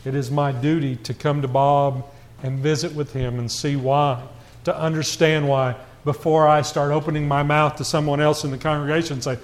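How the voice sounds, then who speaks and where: A man gives a conversational sermon to his congregation in a voice on the high side, keeping a level tone and moderate pace. He poses rhetorical questions and moves between quiet asides and raised, emphatic passages.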